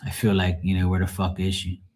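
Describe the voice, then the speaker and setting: A man's voice: low voice, monotone, fairly quick, darkish tone. A middle-aged man talking casually and frankly to his live viewers, grieving, rambling and swearing freely. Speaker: livestream host.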